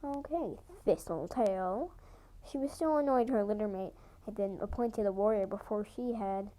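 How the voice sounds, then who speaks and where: A young woman reading her own fan story aloud, halting now and then to correct herself. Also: medium pitch, mellow, low-quality recording. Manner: halting amateur reading with restarts. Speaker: fan audiobook reader.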